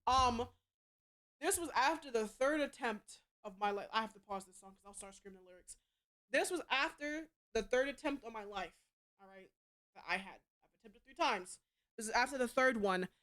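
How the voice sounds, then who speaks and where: A young adult woman streamer chats casually, rambling bluntly and cussing freely, often restarting her sentences. Her voice is on the high side, a bit bright, at a moderate pace.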